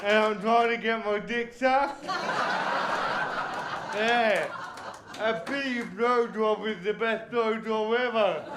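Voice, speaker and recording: Slow-talking comic in echoey club. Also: male voice, high voice, heavy background noise. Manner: slow, deliberate delivery. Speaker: stand-up comedian. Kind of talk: live stand-up set. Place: comedy club stage with live audience. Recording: echoey club room with audible ambience.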